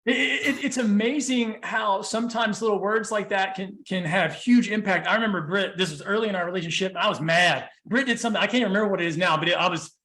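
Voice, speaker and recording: High-voiced man telling stories animatedly. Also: fast talker, hardly any pauses. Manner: animated storytelling with frequent "you know" and restarts. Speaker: podcast guest, speaker and coach. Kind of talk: casual podcast conversation.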